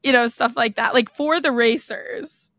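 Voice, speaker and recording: A young woman with a high voice jumps in with playful asides in a casual podcast chat. Her voice is close and dry, with no room sound. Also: a bit bright, dry recording. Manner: playful, chimes in with quick asides. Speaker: podcast co-host.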